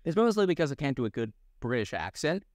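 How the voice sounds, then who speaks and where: A young man who voices characters for a living co-hosts a laid-back comedy chat, rambling animatedly through stories and laughing a lot. His voice sits at a medium pitch and moves fast. The studio-quality recording is dry.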